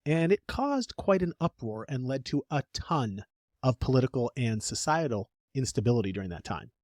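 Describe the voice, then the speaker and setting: Man, podcast co-host, jokey storyteller, lively pitch, dry studio sound. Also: moderate pace, no room sound. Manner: jokey, animated storytelling with playful put-on voices. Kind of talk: casual podcast chat.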